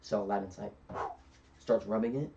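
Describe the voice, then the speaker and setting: A man's voice: fairly low pitch, steady tone, moderate pace, gravelly, warm tone, a little hiss or hum. Rambling male film reviewer, off-mic. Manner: rambling retelling with many fillers. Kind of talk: casual film review recap. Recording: distant, dull lo-fi recording.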